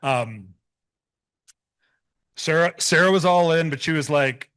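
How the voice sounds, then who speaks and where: A man's voice: fairly high pitch, takes it slowly, pauses often, a bit bright, clear, resonant tone. A man in his thirties, a bison rancher giving a public talk, earnest and prone to restarts and repeated words. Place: event hall.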